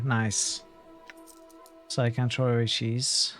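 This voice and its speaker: A male game streamer chats offhandedly while he plays, thinking aloud about his next moves. His voice sits at an ordinary middle pitch. Soft game music runs faintly behind him. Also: expressive, a little slow. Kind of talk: casual game livestream commentary.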